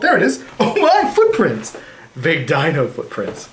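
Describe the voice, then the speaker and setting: Playful dad in sing-song baby talk. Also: male voice, wildly swooping pitch, brisk. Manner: sing-song, exaggerated baby-talk with big swoops into a high voice. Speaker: father playing with his toddler. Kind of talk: playful home video chat with a small child. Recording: echoey room with loud background noise.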